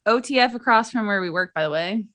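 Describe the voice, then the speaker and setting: Bright-voiced young woman, easygoing. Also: mid-range voice, expressive, fast. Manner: easygoing, self-deprecating, chatty. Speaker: podcast co-host. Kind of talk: casual podcast chat.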